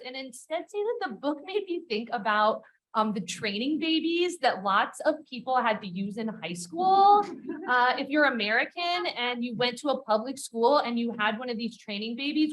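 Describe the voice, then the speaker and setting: A woman moderating a conference panel, speaking in a direct, energetic, conversational way. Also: on the high side, poor audio. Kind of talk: conference talk. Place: lecture hall.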